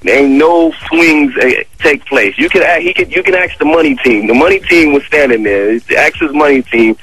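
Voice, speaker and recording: Animated man telling a story on radio. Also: a little high, normal speed, a little hiss or hum, low-quality recording. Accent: New York. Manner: animated, conversational, heavy with fillers and slang. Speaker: radio interview guest. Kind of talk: casual storytelling interview. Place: radio studio. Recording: dry radio studio.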